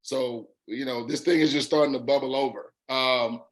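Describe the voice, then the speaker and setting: A middle-aged man with a raspy voice and a Southern drawl, hosting a call and telling his story in an upbeat, folksy way, repeating words for emphasis. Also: mid-range voice, fairly even intonation, moderate pace, poor audio. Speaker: host. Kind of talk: casual call testimony.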